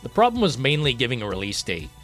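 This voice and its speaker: Guy ranting on his livestream, swears a lot, goes from mumbling to yelling, bright voice, faint music behind. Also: mid-range voice, wildly swooping pitch, quick pace. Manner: frustrated, profane, swings from muttering to shouting; reads chat messages aloud. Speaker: livestream host. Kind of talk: ranting live chat.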